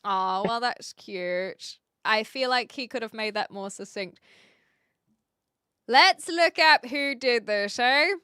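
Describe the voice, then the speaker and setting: A woman's voice: fairly high pitch, slow, pushed and bright, clean tone, dry recording, clean studio sound. A young woman livestreaming, chatting casually and rambling with lots of fillers while reacting to her chat. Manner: reads chat and reacts aloud.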